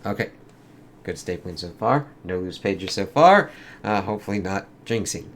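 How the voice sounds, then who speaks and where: Low-voiced man casually reviewing a comic. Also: lively intonation, moderate pace. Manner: loose, swears, lots of "it's like". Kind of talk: casual review with read-aloud excerpts.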